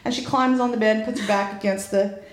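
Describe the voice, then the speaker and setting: A woman guest telling a frank story in a casual chat, animated and quick to laugh. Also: medium pitch. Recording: echoey room, faint noise.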